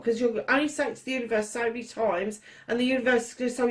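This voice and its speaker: A woman's voice: on the high side, steady tone, fast. Blunt, swearing woman reading tarot. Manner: blunt and frank, swears freely, calls listeners darling. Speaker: tarot reader. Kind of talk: casual tarot reading monologue.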